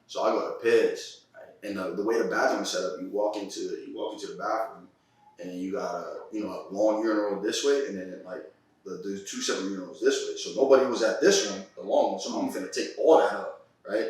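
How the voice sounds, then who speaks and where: A podcast host with a lowish, slightly mellow voice and fairly even intonation talks a little fast, rambling through a long casual story packed with slang and laughter. The recording is echoey, with him somewhat far from the mic.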